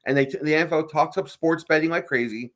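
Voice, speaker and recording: A man co-hosting a sports radio show, talking in an animated, emphatic way with frequent restarts. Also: on the high side, fast talker. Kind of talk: casual sports talk.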